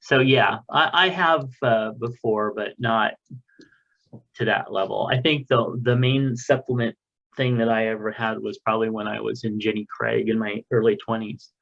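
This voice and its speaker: A man's voice: on the low side, fairly even intonation, moderate pace, creaky, fairly bright tone, highs cut off. A man co-hosting a casual podcast, reading listener mail aloud in a loose, joking way with the odd swear. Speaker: podcast co-host.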